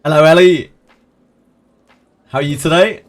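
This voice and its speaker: A man's voice: on the high side, fairly even intonation, unhurried. A man streaming games, chatting casually with viewers, answering them by name and laughing often. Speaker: game streamer. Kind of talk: casual live-stream chat.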